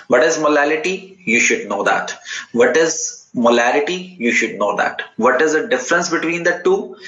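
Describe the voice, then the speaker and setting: A man's voice: medium pitch, pushed and bright. A man with an Indian English accent teaching a chemistry class, explaining terms patiently, repeating key words and checking in with students. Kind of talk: classroom lecture. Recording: roomy, slightly dull recording.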